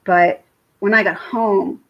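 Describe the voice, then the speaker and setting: This livestream host, a woman in her thirties, speaks in a mid-range voice that stays steady and slow, captured with lo-fi sound. Still teary from crying, she chats casually and emotionally with her viewers, naming each chatter she thanks.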